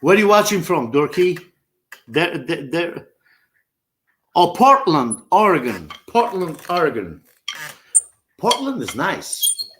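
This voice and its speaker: Male drum teacher, chatty and slow-spoken, recorded in an echoey room with drumming. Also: a little high, very animated, fairly bright tone, a little hiss or hum. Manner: chatty, scats drum patterns aloud. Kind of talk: live online drum lesson. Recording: roomy, with drumming behind.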